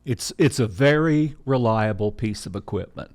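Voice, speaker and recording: A man hosting a podcast, interviewing a guest in a measured way and steering the talk. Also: fairly low pitch, expressive, a little mellow. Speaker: podcast host.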